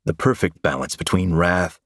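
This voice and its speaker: A man giving dramatic first-person fiction narration in an intense, measured storytelling manner. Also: low-pitched, a bit bright, dry recording, studio quality.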